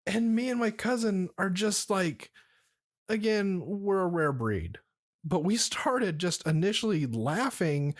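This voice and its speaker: A man's voice: high-pitched, big pitch swings, slow pace. A man hosting a podcast, telling a story in a rambling, profane, laid-back way while drinking. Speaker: podcast host. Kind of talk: casual storytelling chat.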